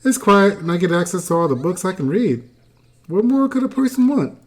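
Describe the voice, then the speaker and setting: A bookish young penguin librarian who speaks in a mild, friendly, relaxed way, as a game player voices him. The voice stays close to everyday speech, with a lively rise and fall. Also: mid-range voice, a little fast, husky. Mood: calm.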